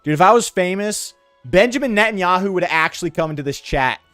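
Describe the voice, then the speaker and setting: A man streaming a game, chatting casually in an animated, slangy, ranting way. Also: sits high, a little fast, no room sound, soft background music. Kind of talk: casual live-stream chat while gaming.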